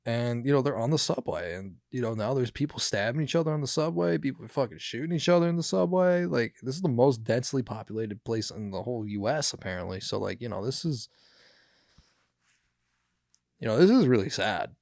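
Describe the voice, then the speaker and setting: A man's voice: medium pitch, lively intonation, fast, vocal fry, few pauses, darkish tone, no echo, clean studio sound. A young man hosting a podcast, chatting casually about news clips, rambling and swearing with many fillers. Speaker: podcast host.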